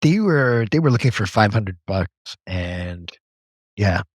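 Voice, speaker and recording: Male guest, low husky voice, relaxed wry delivery. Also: a little slow, no room sound, clean studio sound. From Canada. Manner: laid-back, wry storyteller. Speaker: podcast guest. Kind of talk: casual podcast chat.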